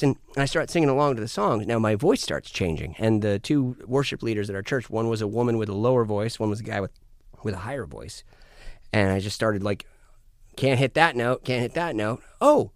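A man chatting casually as a podcast guest, animated and jokey, cursing freely and getting loud when he plays up a bit. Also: lowish voice, dry recording, studio quality. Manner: animated, profane, jokey, swings loud for bits. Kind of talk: casual chat.

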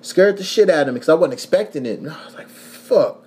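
A young man from Kentucky hosting a casual podcast, telling profane, animated stories with frequent laughs. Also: a little high, rapid-fire. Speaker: podcast host.

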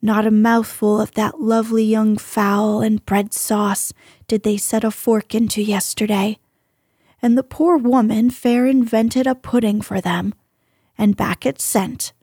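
Woman doing an indignant older housekeeper, exasperated complaining, slow, husky mellow voice. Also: on the high side, steady tone, dry recording, studio quality.

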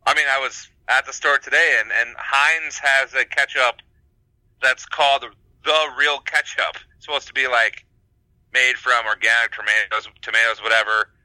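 A man co-hosting a casual chat show, talking in a halting way with lots of fillers and restarts. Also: mid-range voice, fairly even intonation, bright, forceful tone, no room sound, low-quality recording. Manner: hesitant, many fillers and restarts. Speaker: podcast co-host.

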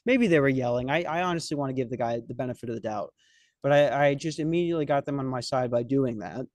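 A man's voice: medium pitch, fast talker, a little mellow, no echo. Rambling, cussing young man, dry sound. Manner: rambling, profane, self-mocking. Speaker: podcast host. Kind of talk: comedic storytelling chat.

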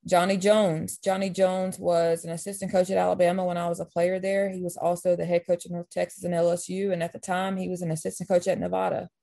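A woman basketball coach, interviewed as a guest, telling faith-filled stories in an animated way with quick restarts. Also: fairly low pitch, vocal fry. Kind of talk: storytelling in an interview.

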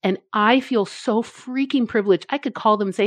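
A woman's voice: fairly high pitch, moderate pace, few pauses, dry recording. A woman guest on an interview podcast, a CEO, chatting casually and enthusiastically, acting out her own thoughts in quotes. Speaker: guest, marketing agency CEO.

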